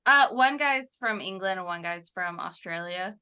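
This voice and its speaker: A woman's voice: mid-range voice, expressive, normal speed, sharp tone, clean tone. A woman co-hosting a podcast, animatedly retelling scenes and laughing as she reviews a film over a call. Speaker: podcast co-host. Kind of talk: casual chat reviewing a film. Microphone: remote call.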